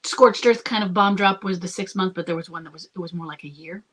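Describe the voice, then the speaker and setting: In a brisk, fairly bright voice on the low side, a woman who coaches couples works through a listener's question about rebuilding a marriage, speaking to camera. She's earnest and reassuring, regularly asks "okay?", and restarts as she thinks out loud.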